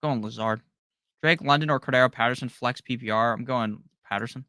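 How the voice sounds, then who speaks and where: A man hosting a casual live Q&A, rattling through viewer questions with short, offhand answers and loose slang. His voice has a gravelly edge over a bright, forward tone, and it sounds dry, with no room around it. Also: mid-range voice, no echo. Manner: rapid-fire, offhand answers with slang and the odd curse. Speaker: fantasy football live-stream host.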